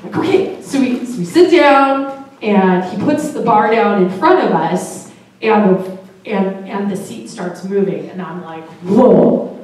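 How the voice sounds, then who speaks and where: A woman's voice: mid-range voice, measured pace, a little mellow. Woman telling a story in an echoey room. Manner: casual, chatty, laughs often, swears. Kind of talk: live personal storytelling. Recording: very echoey room, voice far from mic.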